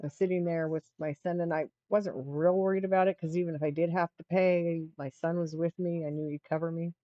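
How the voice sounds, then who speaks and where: A woman's voice: fairly low pitch, steady tone, a little fast, dark tone, dry recording, highs cut off. A middle-aged woman hosting a livestream, telling a rambling story in casual chat with frequent restarts. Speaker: livestream host.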